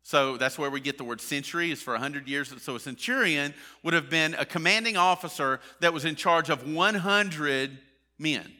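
A man's voice: fairly high pitch, normal speed, sharp tone. A man preaching a sermon in a conversational way, with many fillers and restarts. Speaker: pastor.

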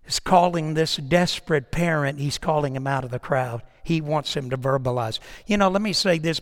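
A man preaching a sermon as pastor, asking the congregation questions, repeating phrases for emphasis and dropping at times to a hushed near-whisper. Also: fairly high pitch. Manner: preaching with rhetorical questions and repetition; swings between raised exhortation and hushed near-whispers. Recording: reverberant hall.

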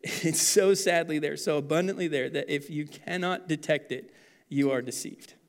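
A man in his thirties preaching a sermon as pastor, animated and then dropping to quiet intensity. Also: a little high, moderate pace.

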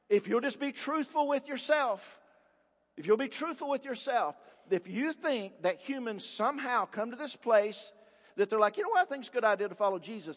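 A man with a high, light voice preaches a sermon from the pulpit, pressing his points with rhetorical questions and hammering repetitions. His words ring out with a long, lingering reverb from a large church hall. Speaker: pastor. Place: church sanctuary.

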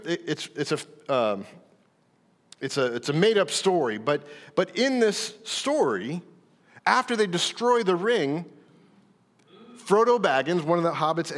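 A man preaching a sermon as pastor, earnest, stumbling over repeated words and building to emphatic lines. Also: sits high. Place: church hall. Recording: reverberant church hall.

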